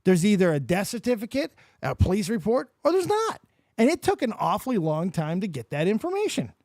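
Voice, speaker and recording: A man with a high, lively voice rants animatedly through casual podcast chat, swearing freely. His voice swoops up and down. The sound is dry and close. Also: fairly quick, no echo. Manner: profane, animated ranting. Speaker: podcast host.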